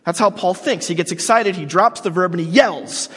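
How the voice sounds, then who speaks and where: A man's voice: sits high, moderate pace, fairly bright tone, breathy edge. A man preaching a sermon in a casual, joking, storytelling way, as the pastor of the congregation. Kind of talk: conversational sermon. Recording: long hall reverb.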